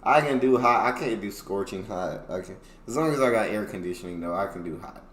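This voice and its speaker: A man's voice: on the low side, lively intonation, brisk, a bit bright. An American man hosting a reaction video, chatting casually, laughing often and thinking aloud with fillers. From United States. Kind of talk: casual chat. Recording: echoey room with faint noise.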